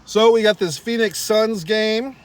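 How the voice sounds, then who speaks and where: A man with a high voice vlogs from a car, eating while he rants in a relaxed, unhurried way. He swears a lot and wanders off into wry, rambling asides to his viewers.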